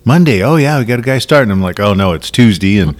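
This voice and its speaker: A man's voice: on the low side, animated, fast. A man co-hosting a casual workplace podcast, telling dad jokes and chatting about his week. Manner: tells dad jokes, laughs at them. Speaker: podcast co-host.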